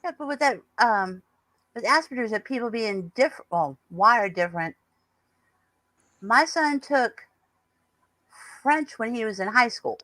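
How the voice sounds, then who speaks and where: A woman's voice: fairly high pitch, expressive, measured pace, pauses often, sharp tone, no echo, poor audio. A woman in her fifties chatting casually as a guest, telling stories in a talkative way. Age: 50s. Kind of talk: casual chat.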